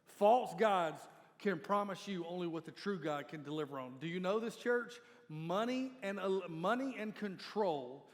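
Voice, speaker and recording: A male pastor with a fairly high voice preaches in an easy, conversational way. He speaks straight to his congregation. His words carry a long reverb from a large church hall. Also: a little slow. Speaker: lead pastor. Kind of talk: sermon.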